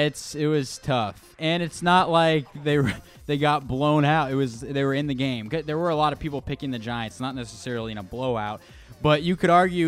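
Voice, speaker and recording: A young man co-hosts a sports talk show from a studio, speaking in an ordinary mid-pitched voice. He lays out his points in a measured, analytical way with a touch of dry humor. Faint music runs in the background. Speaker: radio show co-host. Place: radio studio.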